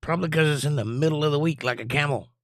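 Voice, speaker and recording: Hoarse man with a gravelly, scratchy voice. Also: fast, fairly bright tone, no room sound, clean studio sound. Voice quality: scratchy, low. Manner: laid-back, jokey, reads chat messages aloud. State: hoarse, voice almost gone. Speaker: live stream host reading chat. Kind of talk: casual chat.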